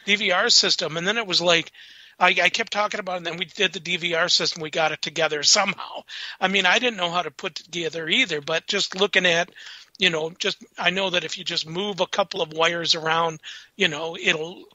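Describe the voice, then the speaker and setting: A man recounts ghost hunts on a radio talk show, animated and laughing as he acts out every line. His voice sits high and very bright, and the lo-fi sound is dry and dull. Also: brisk, no room sound. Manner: animated, laughing storyteller acting out quotes. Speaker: paranormal investigator guest. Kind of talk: casual storytelling on a radio show.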